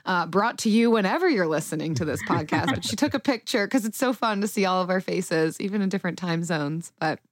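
A woman's voice: lowish voice, animated, a little fast, few pauses, no echo, studio quality. A woman hosting a podcast interview over a video call, chatty and enthusiastic in a casual conversation. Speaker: podcast host. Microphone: remote video call.

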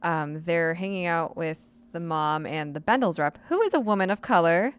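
A woman's voice: on the low side, moderate pace, clean tone. A woman co-hosting a podcast, chatting casually with enthusiastic reactions. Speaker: podcast co-host. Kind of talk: casual chat.

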